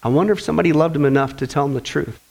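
A man's voice: fairly high pitch, rapid-fire, vocal fry, darkish tone. A man preaching a sermon during a Bible study. He speaks emphatically and keeps asking the congregation rhetorical questions.

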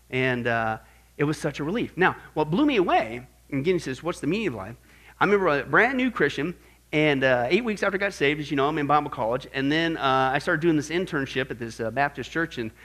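A middle-aged man teaching a church class on apologetics, animated and often asking the audience questions. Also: fairly high pitch. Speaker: Bible teacher.

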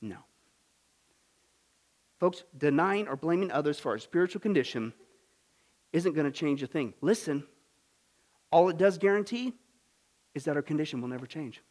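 A man preaching a sermon as a pastor, swinging from hushed asides to loud emphatic lines and often repeating "listen". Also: fairly high pitch, animated, normal speed, pauses often.

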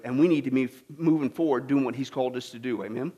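A man preaching a sermon, animated and folksy, with acted-out voices and asides to the congregation. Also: medium pitch, fast, hardly any pauses, husky. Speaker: pastor.

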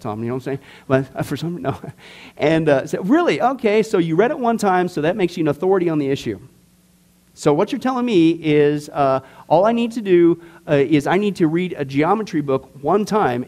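Bible class teacher, a man with a somewhat high voice, informal and emphatic, quizzes his group. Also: darkish tone. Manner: emphatic, joking, asks the class questions.

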